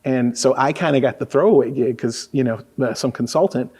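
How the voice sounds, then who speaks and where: A man's voice: mid-range voice, fairly quick, breathy edge. Laid-back male radio DJ in his forties from Louisiana, spinning casual stories. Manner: relaxed storyteller, lots of fillers. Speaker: radio DJ, guest. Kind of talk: casual conversational interview.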